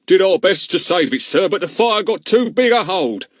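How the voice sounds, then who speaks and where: A man reading an audiobook, voicing a gruff, bossy village policeman who shouts and blusters. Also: sits high, lively intonation, moderate pace, no echo, clean studio sound, pitched above the performer's own voice. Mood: blustering.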